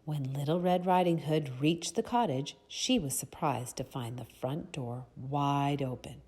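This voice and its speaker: A woman reading a storybook aloud to children, gently pausing to ask them questions. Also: sits low, breathy edge.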